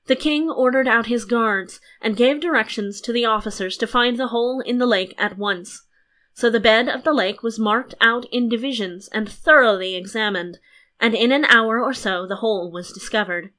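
A woman narrating a fairy tale audiobook in an even storytelling manner. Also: a little high, normal speed.

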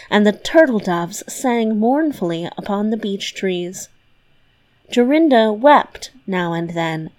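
Slow, measured woman reading a fairy tale. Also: medium pitch, darkish tone. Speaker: storyteller. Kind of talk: scripted storybook narration.

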